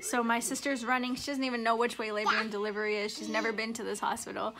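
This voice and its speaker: A woman's voice: on the high side, level tone, fast. A young woman vlogger telling a personal story in a chatty, giggly way, full of "like". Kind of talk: casual storytelling.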